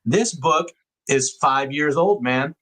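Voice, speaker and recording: A man's voice: mid-range voice, slow pace, fairly bright tone. A man co-hosting a casual podcast chat, speaking bluntly and agreeing often. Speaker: podcast co-host.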